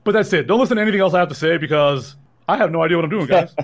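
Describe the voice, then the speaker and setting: A man's voice: fairly high pitch, very fast. A sleep-deprived man co-hosting a podcast in casual chat, rambling and mocking himself with frequent laughs. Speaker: podcast co-host.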